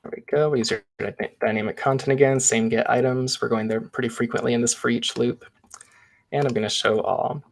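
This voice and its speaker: Male presenter with a gravelly voice, casually talking through a screen demo. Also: medium pitch, steady tone, brisk. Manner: casual step-by-step walkthrough, chatty asides. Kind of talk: live software demo.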